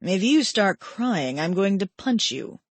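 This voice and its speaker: A woman narrator voicing an intense, brooding male lover in an audiobook, hushed and intimate. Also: medium pitch, big pitch swings, measured pace, no room sound.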